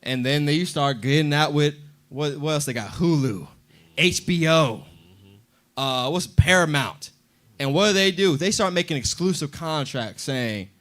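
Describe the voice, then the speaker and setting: A high-voiced man preaching at a Bible class. His delivery is animated and full of emphasis, and he slips into little acted voices to drive his points home. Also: a little slow. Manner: animated, acts out voices in quotes.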